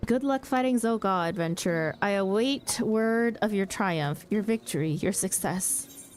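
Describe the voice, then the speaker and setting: A nervous kobold frets and fawns, read aloud by a woman at her mic. It piles up synonyms and repeats itself anxiously, in a medium-pitched voice. Faint game music plays underneath. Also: measured pace, close to an everyday voice. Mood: anxious fawning. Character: timid, fretful kobold, repeating everything. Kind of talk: reading game dialogue aloud.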